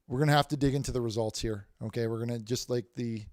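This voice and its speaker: A man's voice: mid-range voice, steady tone, fast, a little mellow, no echo, studio quality. A man hosting a casual livestream, reading viewer messages aloud with many restarts and repeated words. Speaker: livestream host reading chat.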